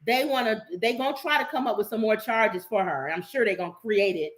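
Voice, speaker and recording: A woman's voice: mid-range voice, fairly quick. A middle-aged woman co-hosting a family vlog, chatting casually and giving strong opinions. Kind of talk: casual chat.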